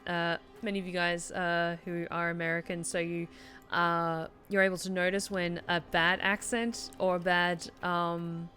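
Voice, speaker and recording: A woman's voice: lowish voice, fairly bright tone. Woman streamer musing over gameplay. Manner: musing aloud, hesitant, lots of fillers. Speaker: game streamer. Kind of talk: casual gameplay commentary.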